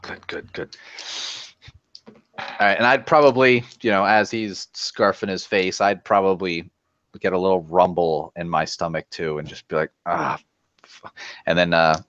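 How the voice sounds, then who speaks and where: A man's voice: sits low, steady tone, moderate pace, a bit bright, clean tone, lo-fi sound. A man playing a tabletop game, describing his character in a rambling, filler-heavy way. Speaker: player. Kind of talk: casual tabletop play.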